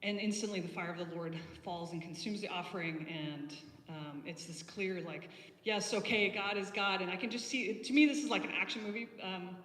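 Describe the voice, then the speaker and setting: A woman with a lowish voice delivering a chatty, storytelling sermon, full of ums and false starts. She sounds a little distant from the mic, and her voice rings through a reverberant church hall with a faint hiss behind it. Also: a little fast, hardly any pauses. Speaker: preacher. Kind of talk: conversational sermon.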